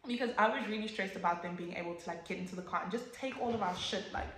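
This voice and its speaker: Young woman vlogger, animated swearing storyteller, echoey room. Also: medium pitch, fast talker. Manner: animated, swears, acts out quotes with sudden loud jumps. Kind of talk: casual storytime.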